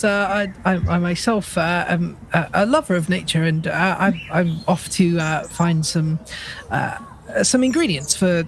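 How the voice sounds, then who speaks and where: A man's voice: sits high, slight background noise, rough recording. A man playing a tabletop game, stammering and bumbling in character. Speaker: player. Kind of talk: tabletop role-play.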